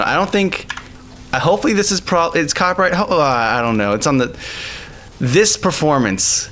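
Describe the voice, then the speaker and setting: A man streaming live, chatting casually and excitedly, laughing often and using lots of slang. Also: on the high side, moderate pace, a little hiss or hum. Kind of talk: casual live-stream chat over music. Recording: music playing faintly behind.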